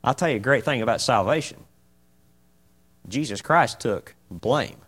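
A man's voice: mid-range voice, a little slow, husky. Folksy man teaching a Bible class. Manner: folksy and animated, asks the group many questions.

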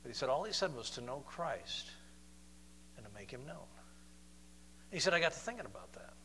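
A man preaching a sermon, moving between loud, emphatic declarations and soft, slow, questioning passages. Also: medium pitch, very animated, big-room sound, slight background noise.

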